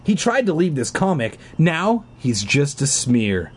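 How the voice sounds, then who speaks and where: A man's voice: a little high, very animated, a little slow, slight background noise. A man voicing a whiny schoolboy sidekick in a storybook, explaining in a nasal-whiny tone. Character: whiny schoolboy Wally, know-it-all sidekick.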